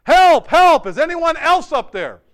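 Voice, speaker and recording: A man voicing a panicked man hanging from a cliff, yelling and pleading for help. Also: high-pitched, sing-song, a little fast, voice pushed up, exaggerated voice.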